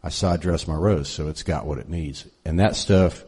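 A man sharing a relaxed, rambling story in an informal sermon at church. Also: a bass voice, moderate pace, husky. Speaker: church worship leader.

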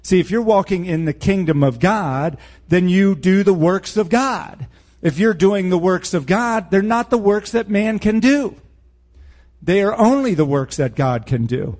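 A man's voice: sits high, lively intonation, a little slow, darkish tone. A man preaching a verse-by-verse Bible teaching sermon in a blunt, emphatic way, with sarcastic asides.

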